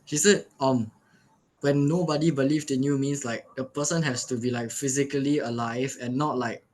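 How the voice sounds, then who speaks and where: A man's voice: medium pitch, steady tone, normal speed, slight background noise, rough recording. Hesitant young Singaporean guy. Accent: Singaporean English. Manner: hesitant, full of "like" fillers. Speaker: student. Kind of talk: casual conversation.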